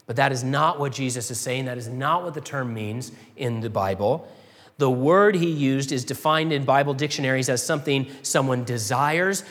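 Animated preacher with a ringing hall sound. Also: male voice, a little high. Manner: animated preaching, wide swings from loud to hushed. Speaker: pastor. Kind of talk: sermon. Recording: long hall reverb.

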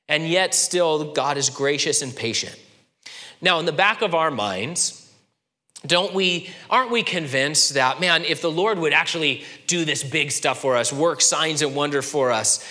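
Guy preaching a sermon, bright fairly high voice, acts out the quotes, long echo in a church hall. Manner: expressive, acts out quoted voices, shifts between loud and soft. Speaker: pastor.

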